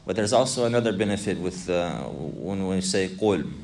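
Male religious teacher, deep voice, repeats himself, quizzes the class. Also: animated, moderate pace, vocal fry, darkish tone. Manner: repetitive, asks students questions, mixes Arabic recitation. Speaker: Islamic teacher. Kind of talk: classroom lesson explaining a text.

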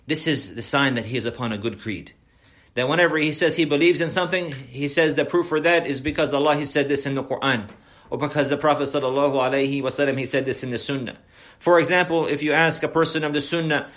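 A man's voice: mid-range voice, fairly quick. A man giving a religious lesson, acting out questions and answers and mixing Arabic phrases into his English. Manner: animated, rhetorical questions, acts out dialogues. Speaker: Islamic preacher.

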